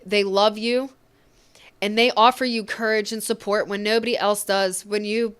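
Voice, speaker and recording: A woman giving an emotional, reassuring tarot reading, speaking gently and getting choked up at times. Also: medium pitch, steady tone, normal speed, clear, resonant tone. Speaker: tarot reader.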